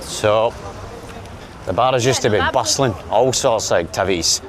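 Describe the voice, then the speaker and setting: Speaking at a normal pace in a fairly low voice, a man with a Glasgow accent vlogs while walking city streets, holding the camera himself. He jokes and chats casually with viewers over a noisy background.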